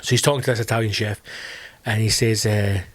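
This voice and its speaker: A Scottish man with a Glasgow accent, in his thirties, hosting a solo comedy podcast from home, animated, swearing freely and calling his listeners team. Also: on the low side, fairly quick, no echo. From Scotland. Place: home during lockdown.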